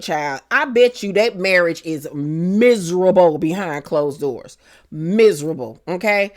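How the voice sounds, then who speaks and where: Sassy woman dishing reality TV gossip. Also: mid-range voice. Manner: sassy, dramatic, acts out quoted lines. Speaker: reality TV recap host. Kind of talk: casual gossip recap.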